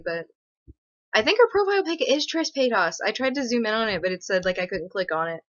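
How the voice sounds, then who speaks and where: A young woman hosts a casual livestream, talking briskly in a sing-song voice, rambling and sarcastic with lots of fillers. It's recorded on a webcam or laptop mic, so the audio is muffled, dry, and low-fi with no room sound.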